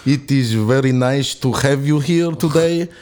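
A man putting on a deep Russian film villain. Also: a little slow, darkish tone, smooth, natural voice. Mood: hammy. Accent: put-on Russian.

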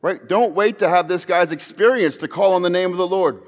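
A man's voice: sits high, a little fast. Earnest male preacher in a reverberant hall. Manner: earnest storytelling, rising to emphatic calls. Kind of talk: sermon.

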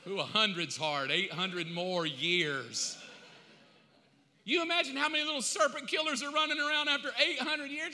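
A man preaching a sermon in an animated, humorous storytelling way, heard with long hall reverb. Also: very high voice, moderate pace. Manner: animated, humorous, switching voices.

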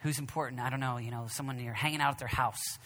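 Male preacher, sermon, forceful and tense tone, raised voice, repeats phrases, long hall echo. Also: medium pitch, steady tone, fast talker. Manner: swings between loud declarations and hushed whispers.

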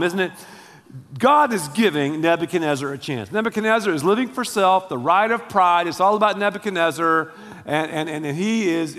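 High-voiced preacher, lively and slangy. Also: male voice, big-room sound. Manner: animated storytelling with slangy asides. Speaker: pastor. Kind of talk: sermon.

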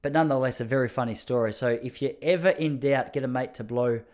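A man in his thirties talks alone on his podcast in a mid-pitched voice. He rambles and mocks himself, laughing at his own jokes. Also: fast, darkish tone. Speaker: podcast host. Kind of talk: casual solo monologue.

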